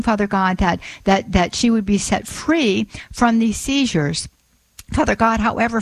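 A woman's voice: medium pitch, no echo, low-quality recording. Woman radio host, earnest prayer voice, repeats herself, dry close sound. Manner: earnest, repeats phrases and restarts. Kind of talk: spoken prayer and call-in talk.

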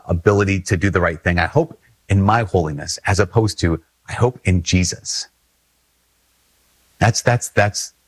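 A man's voice: low voice, breathy edge, dry recording. A man from Minnesota, a priest, giving a conversational homily with earnest emphasis and repeated phrases.

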